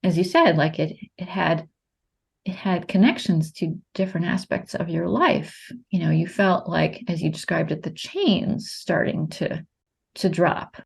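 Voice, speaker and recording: A woman hosting a podcast, explaining her method to a guest in a calm, coaching way. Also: fairly low pitch, measured pace, gravelly, husky. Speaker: host, practitioner of the method.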